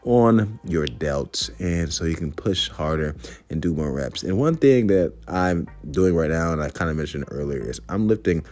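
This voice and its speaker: A man's voice: very deep voice, expressive, moderate pace, a little mellow, faint music behind. A young man chatting casually and cursing freely while working out in a gym, upbeat and talkative. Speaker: fitness vlogger. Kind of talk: casual workout vlog talk.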